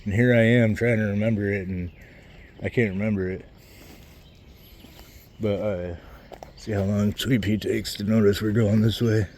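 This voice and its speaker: A man's voice: fairly low pitch, fairly even intonation, normal speed, long pauses, darkish tone, a little hiss or hum. A man vlogging while he walks outdoors, rambling and swearing a lot, losing his train of thought and a little out of breath. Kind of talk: rambling casual vlog while walking outdoors. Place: outdoors on a walk, birds around.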